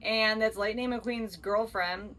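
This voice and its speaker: A woman's voice: medium pitch, steady tone, slow, heavy background noise. A woman co-hosting a podcast in casual chat, rambling and self-deprecating with jokes. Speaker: podcast co-host.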